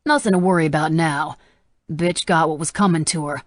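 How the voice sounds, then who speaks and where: A woman's voice: deep voice, fairly quick, dry recording, studio quality. Woman voicing a sneering, menacing young man. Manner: sneering, foul-mouthed threats. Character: young man, jittery, armed, menacing and crude.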